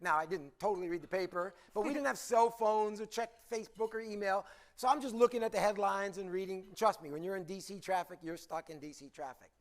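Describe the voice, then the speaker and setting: A man giving a conference presentation, telling a story in an animated way and asking the audience questions. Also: high-pitched, brisk. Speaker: conference speaker.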